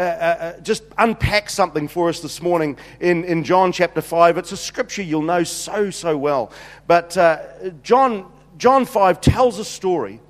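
NZ man preaching, jokey storyteller, slightly high voice, echoing hall. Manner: chatty, jokey, many restarts and "you know"s. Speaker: pastor. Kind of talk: humorous sermon storytelling. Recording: reverberant hall.

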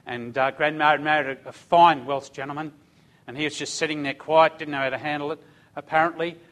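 An older man recounts his own story as a religious testimony. He speaks earnestly and conversationally, in a voice a touch higher than most men's. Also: fairly even intonation, a little fast, a bit bright.

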